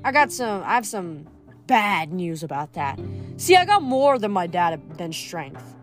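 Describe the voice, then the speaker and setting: Woman reading a calm, dry young fighter. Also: fairly low pitch, measured pace, soft background music. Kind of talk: audiobook character voice.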